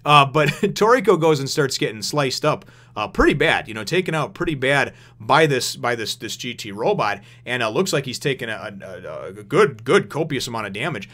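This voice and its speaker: A man giving a casual manga review, rambling and animated, who swears freely and laughs often. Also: mid-range voice, moderate pace, few pauses.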